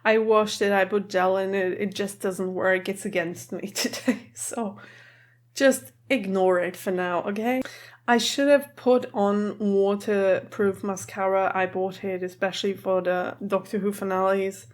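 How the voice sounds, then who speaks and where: A woman's voice: mid-range voice, steady tone, unhurried. A woman hosting a casual reaction vlog in a room at home. She sounds emotional and teary, chatty and giggly, and keeps her voice down. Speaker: reaction video host.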